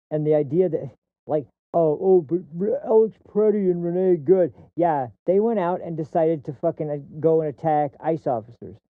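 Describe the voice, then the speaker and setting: Male streamer host, fiery profane political rant, slightly high voice, dry tinny phone-like sound. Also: dry recording. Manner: heated, profane ranting; repeats and restarts words mid-sentence. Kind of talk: political commentary livestream.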